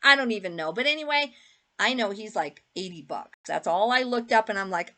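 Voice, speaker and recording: A woman's voice: mid-range voice, expressive, a little fast, bright, forceful tone. A middle-aged woman chatting casually with many fillers as she shows her thrift finds to viewers. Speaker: eBay reseller showing a thrift haul. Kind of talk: casual haul video talk.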